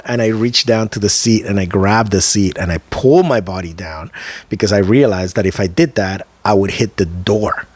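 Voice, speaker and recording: A man with a lowish voice co-hosts a casual podcast. He tells his story vividly and emphatically, drawing out the dramatic moments and dropping easy slang asides. The sound is close and dry, with no room echo. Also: normal speed. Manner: loose and conversational, with slang asides. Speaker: podcast co-host.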